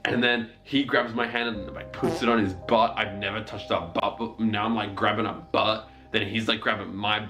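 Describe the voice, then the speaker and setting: Animated young man telling a story. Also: moderate pace, few pauses, music in the background. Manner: animated, mimics voices in high squeaky tones. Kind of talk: casual comic storytime.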